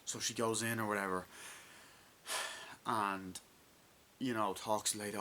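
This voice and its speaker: A man giving a casual, rambling movie review, full of excitement, swearing and fillers. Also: lowish voice, moderate pace, pauses often. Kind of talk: casual spoken film review.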